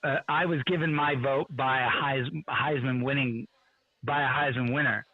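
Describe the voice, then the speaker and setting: A man who writes on college football, a guest telling stories in an animated way on a radio show. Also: mid-range voice, normal speed, no echo, narrow, tinny audio. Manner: animated storyteller, acts out quotes. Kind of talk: storytelling in a radio interview.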